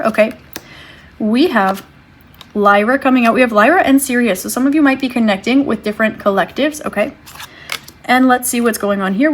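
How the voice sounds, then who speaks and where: A woman with a slightly high, breathy voice gives a tarot reading straight to her viewers. She talks in a gentle, reassuring way and muses aloud as she pulls each card. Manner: gentle, reassuring, thinks aloud while drawing cards. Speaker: tarot reader.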